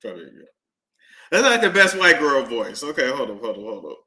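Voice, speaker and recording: A man hosting a casual recap stream, reading out both sides of courtroom exchanges in an animated, playful way. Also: medium pitch, a little fast. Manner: reads out both sides of courtroom exchanges, slipping in put-on voices.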